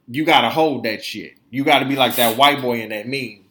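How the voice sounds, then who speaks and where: Animated profane man ranting in an echoey room. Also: mid-range voice, brisk, slight background noise. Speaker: podcast co-host. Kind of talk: casual chat.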